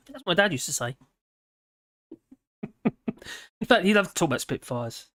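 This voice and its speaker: A British woman hosts a live stream from a room at home with a model airplane hanging behind her, mixing scripted commentary with chatty, off-topic asides. She laughs often and reads chat messages aloud. Her fairly low, animated, fairly bright voice moves at normal speed, and the studio-clean sound has no room echo.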